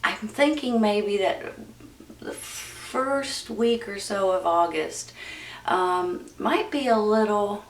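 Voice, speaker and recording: Woman tarot reader, low and gravelly, rambling and reassuring, recorded off-mic in an echoey room. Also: slow pace, recorded from a distance. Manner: chatty and reassuring, addresses viewers directly; loose and rambling with many "um"s. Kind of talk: casual tarot card reading. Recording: roomy echo, voice from off-mic.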